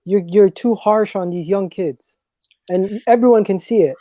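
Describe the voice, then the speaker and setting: A man's voice: high-pitched, normal speed, warm tone, dry recording. A man arguing his point earnestly in a casual debate, with stumbling restarts. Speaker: debate guest.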